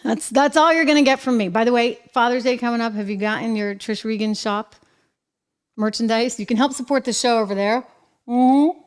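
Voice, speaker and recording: A middle-aged woman hosting her own show, talking in a chatty, upbeat monologue full of lively asides. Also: fairly high pitch, brisk, clean tone. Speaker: show host. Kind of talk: casual monologue to camera.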